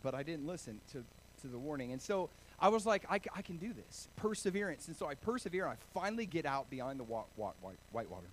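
A man from Oregon preaching a sermon, telling stories with animated, self-deprecating humor. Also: fairly high pitch, quick pace, a little hiss or hum, low-quality recording. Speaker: pastor.

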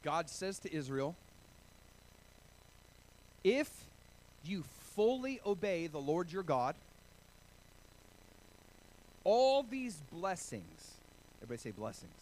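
A man from Oregon preaching a sermon, telling stories with animated, self-deprecating humor. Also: a little high, measured pace, pauses often, poor audio. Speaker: pastor.

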